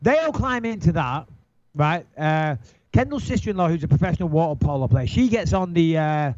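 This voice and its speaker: A middle-aged man telling an animated, swearing anecdote in casual chat, acting out his own panic. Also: on the high side, brisk, dry recording. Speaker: guest storyteller. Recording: dull lo-fi sound, dry.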